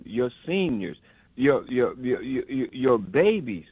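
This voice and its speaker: A man's voice: mid-range voice, sing-song, a little slow, gravelly, slightly rough, no room sound. An older man from the Chicago area calling in to a radio show, emotional and rambling, stammering and repeating himself. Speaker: caller. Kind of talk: impassioned call-in rant. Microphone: phone. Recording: dull phone line.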